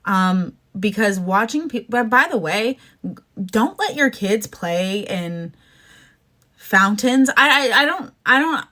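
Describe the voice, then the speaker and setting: A woman's voice: medium pitch, expressive, takes it slowly, sharp tone. Exasperated ranting woman podcaster. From Canada. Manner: exasperated, ranting, with frequent laughs and asides. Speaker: podcast host. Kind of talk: casual opinion monologue.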